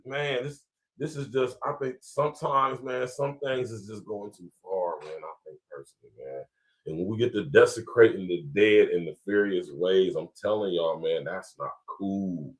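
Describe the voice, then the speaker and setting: A man's voice: mid-range voice, fairly bright tone. A man with a Columbus, Ohio accent hosting a podcast, talking in a casual, laid-back way to his viewers and chuckling often. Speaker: podcast host. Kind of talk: casual commentary to a live audience.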